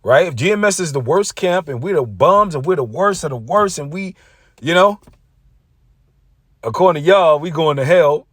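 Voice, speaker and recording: A man's voice: on the high side, animated, moderate pace, a bit bright, no echo. A man preaching combatively, reading scripture aloud and mocking rival preachers. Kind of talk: street-preacher sermon video.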